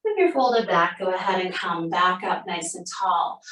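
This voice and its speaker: Female yoga instructor, calm steady cues, mildly breathless, recorded from a distance in an echoey room. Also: fairly low pitch, a little slow. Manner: calm, steady cueing, breathing between phrases. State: a little out of breath. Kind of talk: guided yoga class instruction. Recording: roomy sound, mic at a distance.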